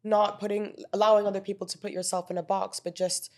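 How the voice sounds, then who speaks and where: A woman's voice: mid-range voice, little pitch movement, fast talker, a little mellow. A woman, a guest illustrator on a podcast, speaking reflectively and searching for her words. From Northern Ireland. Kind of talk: podcast interview.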